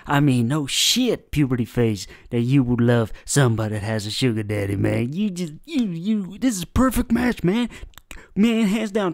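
Loud heckling man, dry close mic. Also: fairly high pitch, dry recording. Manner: loud, profane, heckling, swings into shouting. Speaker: reaction commentator. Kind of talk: mocking reaction commentary.

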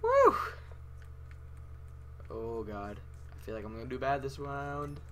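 A young man giving chatty commentary over his gameplay, often breaking into loud, raging yells, on a desktop mic at home. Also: medium pitch, normal speed, background noise. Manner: chatty, often bursting into yelling rage. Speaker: gaming channel host. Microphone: desktop USB mic with pop filter.

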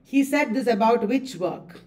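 A woman's voice: fairly high pitch, moderate pace, warm tone, far from the mic. A woman coaching students for an English literature exam. She quizzes them, keeps asking questions and repeats the answers. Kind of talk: exam-prep lecture.

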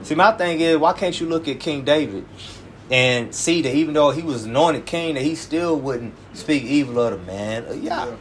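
A man's voice: fairly high pitch, moderate pace. A man who is a church elder, preaching in an informal, emphatic, colloquial way and often tacking "man" onto his phrases. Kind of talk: informal sermon teaching.

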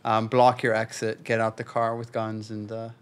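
Calm, reflective man from South Africa. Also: on the low side, moderate pace, clean tone. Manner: reflective, calm, with filler "like" and restarts. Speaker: podcast guest, flow coach and yoga instructor. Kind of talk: casual podcast interview.

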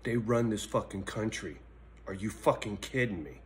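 A middle-aged man vlogging in a blunt, profane personal monologue that swings between angry ranting and quiet reflection. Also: fairly low pitch, expressive, normal speed, noisy background.

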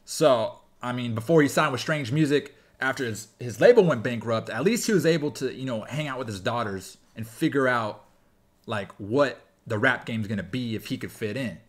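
A man hosts a casual music reaction, pausing the track to break down lyrics with bursts of excitement and laughter. His voice sits at a medium pitch, and he talks as if explaining to friends. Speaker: reaction video host.

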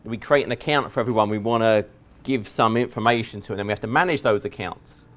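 An Englishman with an English accent gives a technical presentation to a live conference audience, relaxed and joking, with many fillers and restarts. His voice is on the low side and his pace is quick.

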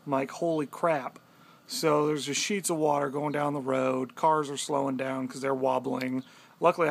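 A young man casually telling a story to the camera, animated and swearing freely. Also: mid-range voice, creaky, husky. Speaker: vlogger.

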